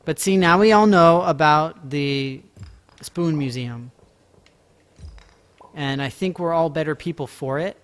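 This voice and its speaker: A man streaming a farming game, chatting casually and playfully, teasing his viewers and breaking into excited outbursts. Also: on the high side. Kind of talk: casual live-stream chat. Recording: faint music behind.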